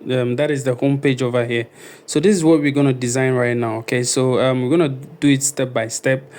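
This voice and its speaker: A man talking casually through a screen-recorded web design tutorial, thinking aloud and filling pauses with ums and okays. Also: mid-range voice, fairly even intonation, a little mellow.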